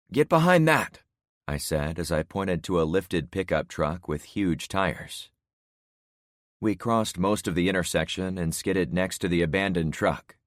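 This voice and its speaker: Male narrator, very low pitch, steady measured first-person storytelling, dead-dry booth. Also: no room sound. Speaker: audiobook narrator.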